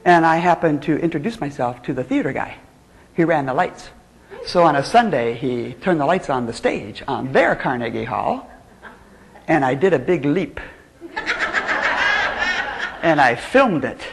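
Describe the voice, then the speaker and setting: Woman motivational speaker, playful storyteller, gravelly voice, swooping lively pitch, on stage. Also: measured pace, pauses often, a little hiss or hum. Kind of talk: storytelling keynote speech. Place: stage in a spotlight.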